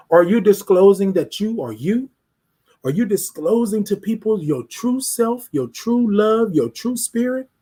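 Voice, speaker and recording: A high-voiced man with a husky edge hosts a live stream. He talks straight to his viewers with emphatic, preachy conviction and calls them to speak up. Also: dark tone. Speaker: host of a live talk show. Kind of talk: motivational live-stream monologue.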